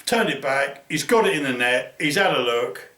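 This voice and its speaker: A man's voice: mid-range voice, lively intonation, moderate pace, pushed and bright, echoey room, far from the mic. A middle-aged Englishman from Norfolk telling a fishing story, laughing and acting out his friends' voices. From Norfolk, England. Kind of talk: animated storytelling.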